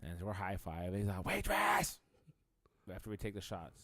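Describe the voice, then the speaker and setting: Low-voiced man telling a rambling story. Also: steady tone, quick pace, a little mellow. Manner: rambling, profane, laid-back storytelling. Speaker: podcast co-host. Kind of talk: casual storytelling chat.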